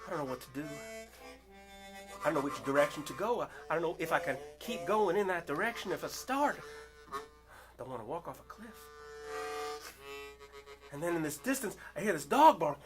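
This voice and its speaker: An older man performing a story poem dramatically, swinging from loud outbursts to hushed whispers. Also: a little high, lively intonation, moderate pace, long pauses, music in the background.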